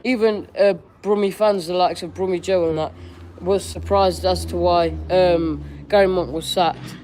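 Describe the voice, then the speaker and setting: A man's voice: high voice, steady tone, moderate pace, darkish tone, a little hiss or hum. A young man hosting a live-stream Q&A, reading viewers' questions aloud and answering in a chatty, candid way with casual slang. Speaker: football fan streamer.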